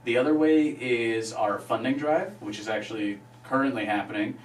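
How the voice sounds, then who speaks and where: A man from a radio station explaining how it runs, hesitant and full of "uh" pauses. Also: mid-range voice, distant mic. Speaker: radio station staff member. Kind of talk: explaining in an interview. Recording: echoey room, off-mic, faint hum.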